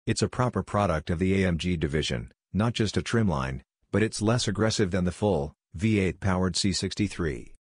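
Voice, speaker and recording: Male voice-over, low register, steady scripted delivery, dry close sound. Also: normal speed, hardly any pauses, breathy edge, no echo. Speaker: car reviewer.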